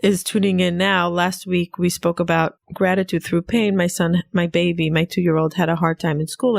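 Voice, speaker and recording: Gravelly-voiced earnest woman podcaster. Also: lowish voice. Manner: earnest, warm-hearted, speaks in repetitions. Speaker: podcast host. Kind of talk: solo podcast talk.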